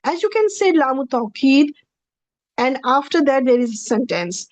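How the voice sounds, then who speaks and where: A woman's voice: sits high, expressive, moderate pace, no room sound, low-quality recording. A woman teaching a recorded Arabic grammar lecture, patiently repeating each translation in several ways.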